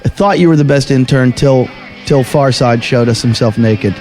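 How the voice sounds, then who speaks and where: A man's voice: mid-range voice, normal speed, a little mellow, soft background music. Man hosting a profane comedy podcast. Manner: blunt, profane, wrapping up the show. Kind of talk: casual banter. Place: jiu-jitsu gym.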